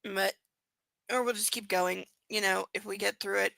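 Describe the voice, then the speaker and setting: A woman hosting a book club stream, chatting and reading aloud with animated asides. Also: medium pitch, moderate pace, creaky, no room sound. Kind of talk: casual chat and reading aloud.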